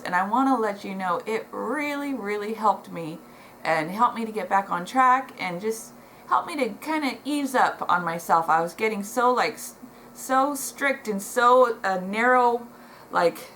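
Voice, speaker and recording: In a casual home vlog, a middle-aged woman speaks animatedly and a little slowly in a mid-range, slightly bright voice. She looks at the camera and reads notes beneath it, sharing heartfelt, emotional thoughts with plenty of ums and restarts. The recording is low-quality, with slight background noise.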